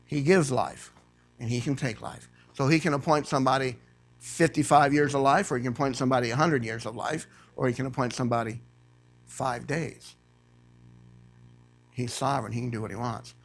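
A man preaching a sermon to a church congregation. He reads scripture aloud and rises to loud, emphatic preaching. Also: medium pitch. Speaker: guest preacher.

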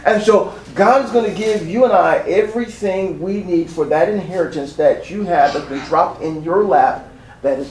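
A man's voice: high voice, roomy sound, recorded from a distance, a little hiss or hum, poor audio. A man preaching a sermon as pastor, building his points with emphasis and repetition.

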